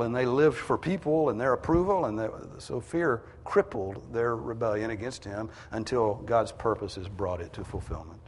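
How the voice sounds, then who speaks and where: A male preacher delivers a sermon in a slightly breathy, husky voice. His pitch moves a lot, climbing sharply when he presses a point. The sound carries a long reverb, as in a large hall or church. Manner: emphatic, rises in pitch and volume to drive points home.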